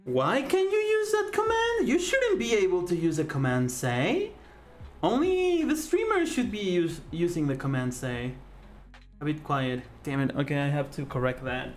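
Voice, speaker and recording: A live-stream host chatting casually while drawing, rambling with many fillers and self-corrections and often breaking into laughter and excited greetings. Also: medium pitch, moderate pace, soft background music. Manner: laughs easily, with sudden excited outbursts.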